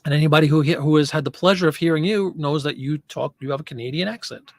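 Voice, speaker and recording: A man's voice: fairly high pitch, fast talker, no echo. Chatty man hosting a live stream. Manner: chatty, reads and answers viewer comments. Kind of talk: casual live-stream chat.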